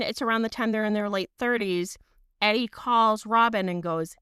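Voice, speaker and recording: A woman in her thirties, a podcast co-host, telling a long story in casual chat, animated and full of fillers and swearing. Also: medium pitch, normal speed, clean tone, no room sound, studio quality. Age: 30s.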